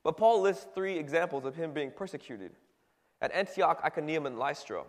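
Casual preacher in a reverberant hall. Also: male voice, on the high side, animated, normal speed. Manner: conversational, many fillers and restarts. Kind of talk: casual sermon.

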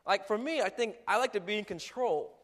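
High-voiced man telling a story. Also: brisk. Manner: animated, mimics ride noises, heavy filler words. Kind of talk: casual storytelling monologue. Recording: long hall reverb.

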